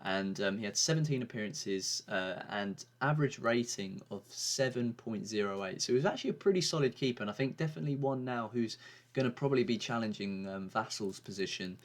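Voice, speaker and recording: A man's voice: on the low side, expressive, brisk. A man giving a casual, rambling commentary on his video game season, with frequent fillers and restarts. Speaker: gaming YouTuber.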